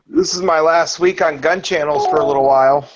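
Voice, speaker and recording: A man in casual voice chat, talking in a calm, matter-of-fact way. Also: fairly high pitch, fairly quick, noisy background. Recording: dull lo-fi mic.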